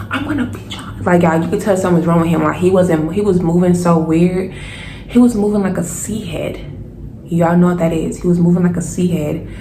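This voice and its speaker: A young woman telling a storytime to her viewers, animated and casual, addressing them directly. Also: lowish voice. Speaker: vlogger. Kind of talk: storytime vlog. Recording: roomy echo, faint noise.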